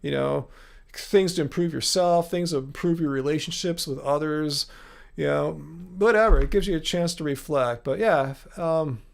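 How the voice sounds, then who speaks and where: A man's voice: a little high, normal speed, creaky. A man hosting a live viewer Q&A, talking in an easygoing, rambling way with lots of fillers. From Los Angeles, USA. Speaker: livestream host. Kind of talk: casual live Q&A.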